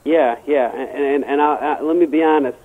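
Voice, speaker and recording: Frank, stammering male guest, slightly high voice, phoned in. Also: normal speed, slightly rough. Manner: rambling, stammering, crude and frank. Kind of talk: casual storytelling chat. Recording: tinny phone line.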